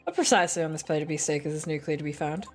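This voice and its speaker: A woman voicing a stern elderly male courtroom judge in a game, speaking in formal, measured pronouncements. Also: deep voice, faint music behind, pitched below the performer's own voice, natural voice.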